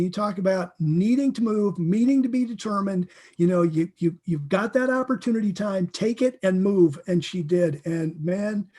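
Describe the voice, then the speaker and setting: A man teaching through a Bible passage, earnest and animated, stopping often to restart words. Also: high voice. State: emotional.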